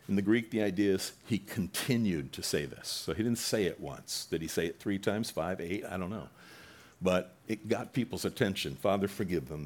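Deep-voiced male preacher. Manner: retells scripture dramatically, voicing the mockers in loud bursts. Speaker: pastor. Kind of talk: sermon.

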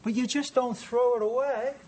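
Male preacher, high voice, lively and joking with the congregation, reads scripture aloud. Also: normal speed. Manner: animated, jokey, reading scripture aloud to a congregation. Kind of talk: sermon. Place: church sanctuary.

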